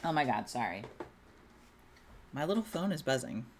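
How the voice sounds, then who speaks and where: Low-voiced, lively woman chatting on a livestream. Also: normal speed, heavy background noise. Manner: chatty, self-deprecating, giggly. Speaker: livestream co-host. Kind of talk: casual livestream chat.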